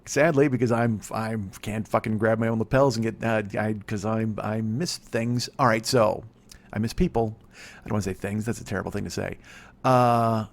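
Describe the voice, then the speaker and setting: Fast rambling, profane man in his forties. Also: medium pitch. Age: 40s. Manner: rambling, profane, self-interrupting. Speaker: comedy podcast host. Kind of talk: solo comedic monologue.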